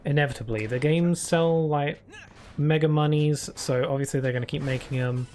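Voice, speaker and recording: A man's voice: on the high side, fairly even intonation, normal speed, darkish tone, a little hiss or hum. A man streaming live, chatting casually through rambling stories full of fillers. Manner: rambling anecdotes with many fillers.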